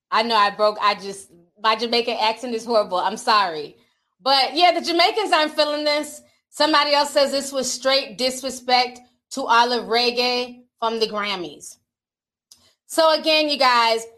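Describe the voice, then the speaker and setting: An entertainment commentator with a fairly bright, somewhat high voice chats candidly to camera. She speaks straight to her viewers in casual commentary, reading out social media comments as she goes.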